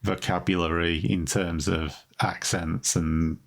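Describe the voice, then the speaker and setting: A man's voice: low-pitched, little pitch movement, slow, gravelly. A man from the United Kingdom, co-hosting a podcast, tells a story in a rambling, chatty way with wry asides. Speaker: podcast co-host. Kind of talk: casual chat, storytelling.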